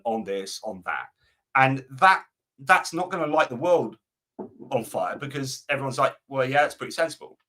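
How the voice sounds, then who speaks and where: A man's voice: mid-range voice, sharp tone. A man hosting a live stream, chatting, reading viewer comments and giving rambling opinions. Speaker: host.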